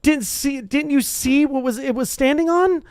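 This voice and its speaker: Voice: high-pitched, moderate pace, darkish tone, no echo, clean studio sound, voice pushed up, natural voice. A reader voicing a bossy, clever schoolgirl witch with a snappish, scolding manner.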